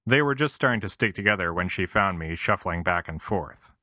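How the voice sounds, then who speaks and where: A man's voice: deep voice, animated, fairly quick, sharp tone, no room sound, clean studio sound. A man reading a scripted comic essay with wry, self-deprecating, mock-earnest asides. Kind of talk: scripted comedic narration.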